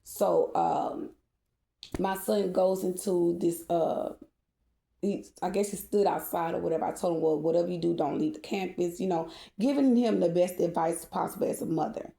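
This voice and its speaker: Mad mom ranting and cussing, gravelly dark voice, echoey room. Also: female voice, lowish voice, steady tone, moderate pace. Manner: cursing, heated and repetitive, rising to shouting. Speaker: mother venting to viewers. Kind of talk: angry rant to camera.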